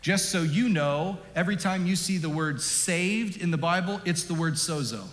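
A man preaching a sermon as a pastor, animated and emphatic, dropping low and rising up for stress. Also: moderate pace. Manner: animated, emphatic, varies loudness. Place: large church hall. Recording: echoey hall with long reverb.

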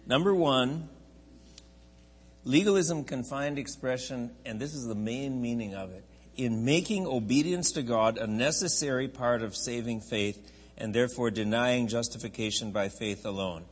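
A man's voice: mid-range voice, normal speed, slightly rough. Chatty male Bible teacher, echoey hall. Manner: chatty, digressive, with many restarts and asides. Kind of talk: church classroom teaching from an outline. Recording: echoey hall, long reverb.

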